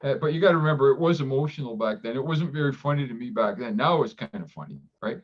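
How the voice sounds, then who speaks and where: Male interview guest, doctor, reflective and halting, dull lo-fi audio. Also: medium pitch, animated. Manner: reflective, halting with many restarts; acts out quoted dialogue with livelier voice. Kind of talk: candid interview conversation.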